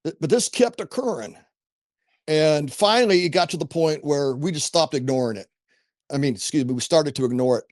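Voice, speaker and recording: A man's voice: fairly high pitch, brisk, dry recording, clean studio sound. A middle-aged man telling a personal story as a podcast guest, earnest and rambling, with restarts and asides. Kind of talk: casual first-person storytelling.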